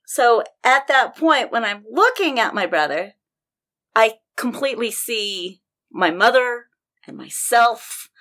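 High-voiced animated woman telling a story. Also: takes it slowly. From Denver. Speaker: podcast guest storyteller. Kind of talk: casual storytelling chat.

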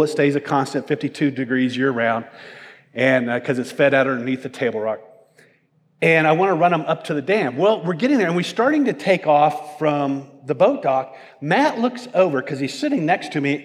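A middle-aged male pastor preaching, telling a self-mocking personal story in an animated way. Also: fairly high pitch. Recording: long hall reverb.

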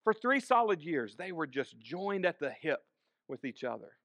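A man's voice: a little high, very animated, normal speed, fairly bright tone, dry recording. A man preaching a sermon, asking the congregation questions and repeating key phrases. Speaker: pastor.

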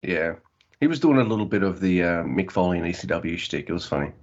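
Low-voiced man recapping wrestling casually. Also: lively intonation, quick pace, a little mellow, muffled recording. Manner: joking, swears casually. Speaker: podcast co-host.

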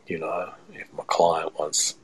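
A man's voice: a bass voice, little pitch movement, slow pace, slight background noise, rough recording. A man, a chef chatting as a podcast guest and telling rambling stories with many restarts. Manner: rambling, repeats and restarts phrases. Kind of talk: casual storytelling chat.

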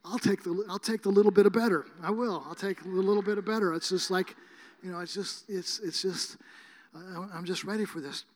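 A man preaching a sermon, telling healing stories in a rambling, casual way with many fillers and restarts, sometimes rising to near shouting. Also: sits high, steady tone, brisk. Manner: emphatic, rises to near shouting at times. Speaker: guest preacher.

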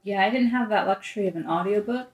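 A woman's voice: medium pitch, quick pace, roomy sound. A woman in a casual book chat, talking in a dry, matter-of-fact way. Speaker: book club member.

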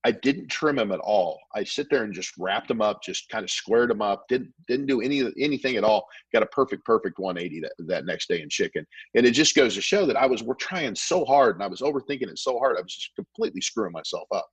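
A man tells stories at a fast clip, often tripping over and restarting his words. His voice sits low and a little husky. It is recorded close and dry. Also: expressive, no room sound, rough recording. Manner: rambling, repeats words, quick restarts. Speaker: podcast guest, barbecue pitmaster. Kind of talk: casual storytelling chat.

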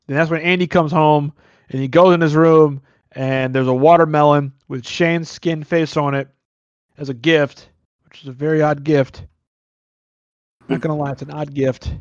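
A fairly high-voiced man talking in a casual movie review chat, animated and incredulous, with some swearing. The recording is dull and lo-fi. The sound is dry and close. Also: normal speed, dry recording. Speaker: podcast co-host.

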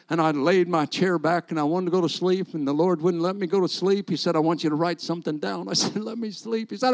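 A middle-aged man, a rabbi, preaching a sermon and telling stories while acting out the dialogue. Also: on the high side. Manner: animated storyteller acting out dialogue. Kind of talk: sermon storytelling.

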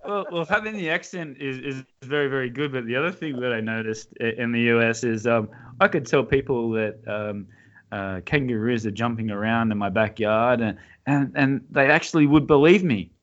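A man's voice: medium pitch, moderate pace, fairly bright tone, dull audio. An Australian man hosting a casual interview chat, talkative and laughing often, with plenty of fillers and restarts. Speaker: podcast host.

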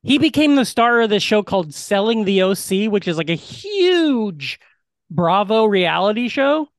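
A man co-hosting a podcast in casual chat, talking in an animated way with lots of "like". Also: sits high, measured pace, no room sound, studio quality. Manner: animated, chatty, heavy use of "like". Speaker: podcast co-host.

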